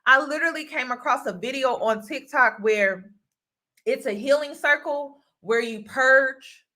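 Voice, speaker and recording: A woman's voice: sits high, measured pace, sharp tone. A woman from the United States hosting a casual vlog monologue, speaking earnestly and repeating phrases for emphasis. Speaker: host and mentor.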